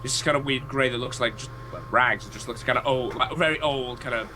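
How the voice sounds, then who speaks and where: A man's voice: mid-range voice, brisk, sharp tone, slight background noise. A young man with a Teesside accent, co-hosting a casual podcast, wry and explanatory with many fillers. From northeast England. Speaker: podcast co-host. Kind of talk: casual chat.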